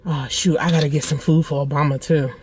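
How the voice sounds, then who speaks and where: A woman's voice: low-pitched, fairly even intonation, brisk, a little mellow, slight background noise. A woman vlogging casually from her car into a phone, chatty and rambling, calling her viewers y'all. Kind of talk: casual vlog chat.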